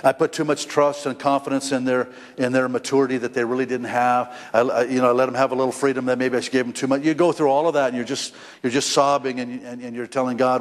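A man's voice: mid-range voice, little pitch movement, fast, few pauses. A middle-aged man preaching a sermon as a pastor, emotional, with stammered repetitions and a voice that climbs when he speaks as the prodigal son. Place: church stage. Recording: long hall reverb, faint noise.

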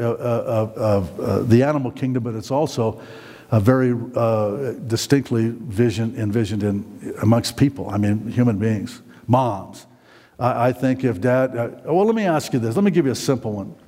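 A man's voice: medium pitch, a little mellow. A middle-aged man preaching a sermon in a church hall, rambling with many fillers and restarts and putting questions to the congregation. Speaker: pastor.

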